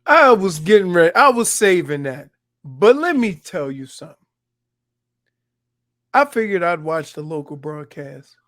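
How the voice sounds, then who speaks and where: A man co-hosts a sports radio show, talking casually in a high voice. He often restarts his sentences as he explains his point. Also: big pitch swings, unhurried, pauses often, fairly bright tone, no room sound, clean studio sound. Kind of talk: sports talk radio banter.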